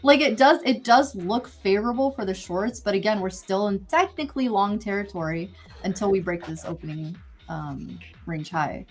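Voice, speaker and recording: A woman's voice: medium pitch, moderate pace. A woman hosting a live trading stream, thinking aloud about the market in a chatty, easygoing way. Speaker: host trader. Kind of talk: casual live trading commentary.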